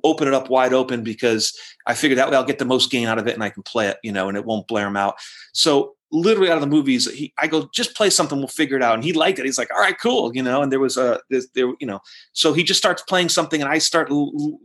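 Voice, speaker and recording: A man, a rock guitarist, telling a long story in a casual interview, swearing often and acting out what people said. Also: mid-range voice. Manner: animated, profane, acts out quotes in raised voice.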